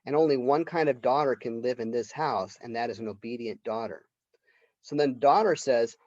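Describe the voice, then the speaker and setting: Male literature professor, chatty lecture, mid-pitched voice, dry and dull-sounding recording. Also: normal speed, a little mellow, dry recording. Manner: conversational storytelling, retelling the plot. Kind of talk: college lecture.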